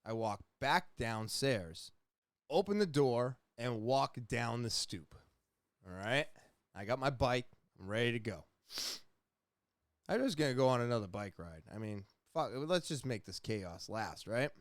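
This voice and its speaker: A young adult man hosting a podcast, casually telling a rambling, profane story with animated retellings. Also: mid-range voice, unhurried, no echo. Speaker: podcast host.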